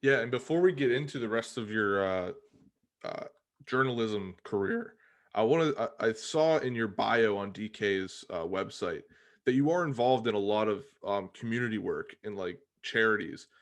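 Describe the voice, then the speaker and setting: A man hosting a podcast, asking a guest questions in a relaxed, conversational way. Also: fairly low pitch, normal speed. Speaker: podcast host. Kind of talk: casual interview questions.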